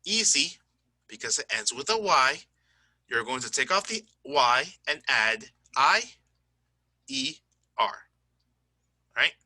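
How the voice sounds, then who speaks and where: A man teaching an English grammar lesson in a chatty, joking way. He keeps checking understanding with "right?" and "okay?" and slows down to spell out word endings. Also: medium pitch, sing-song, bright, forceful tone, dry recording. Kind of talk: recorded online grammar lesson.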